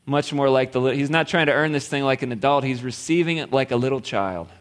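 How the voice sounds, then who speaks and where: A man's voice: mid-range voice, fast. A man preaching a sermon, retelling a story in a playful way with laughs and acted-out quotes. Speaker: pastor.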